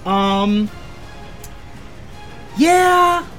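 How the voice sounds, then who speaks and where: Relaxed, chatty tabletop game master. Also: mid-range voice, drawn-out words, soft background music. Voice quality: relaxed, chatty, hesitant with fillers.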